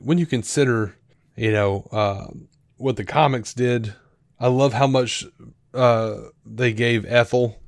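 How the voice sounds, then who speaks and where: A man in casual podcast chat, at an average pitch for a man, recorded close and dry. He rambles along with fillers and restarts and breaks into animated acted-out quotes as he retells scenes. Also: slow pace, dry recording. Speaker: podcast co-host.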